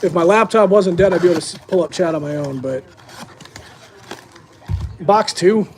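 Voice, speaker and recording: A man's voice: high voice, moderate pace, darkish tone, slight background noise. A young man hosting a live-streamed sports card break, chatting casually to his viewers as he opens packs.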